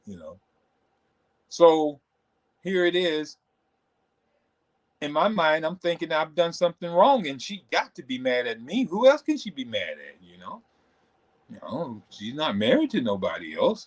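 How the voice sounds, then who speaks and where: Guy hosting a stream, kinda high voice, chatty, keeps saying you know. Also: unhurried, long pauses. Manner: animated and conversational, many "you know"s. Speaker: host. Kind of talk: motivational talk on a livestream.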